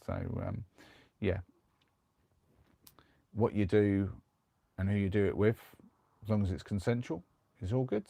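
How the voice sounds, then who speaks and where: Young guy chatting on his live stream from a van, low voice, dry sound, keeps restarting sentences. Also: unhurried, creaky, long pauses, no echo. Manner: rambling, animated anecdote with many restarts. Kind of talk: casual chat and storytelling. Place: converted van.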